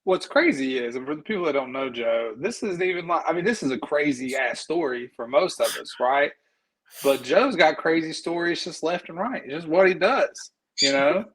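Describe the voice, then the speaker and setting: A man co-hosting a podcast, teasing his friend in an excitable, laughing way. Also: fairly high pitch, moderate pace, slightly rough. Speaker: podcast co-host. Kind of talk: casual chat.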